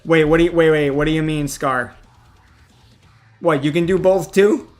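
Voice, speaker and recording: Male streamer host, casual and profane, stammers a lot, slightly high voice. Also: moderate pace, faint music behind. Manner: frank, swears often, stammers and restarts. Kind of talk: casual livestream chat.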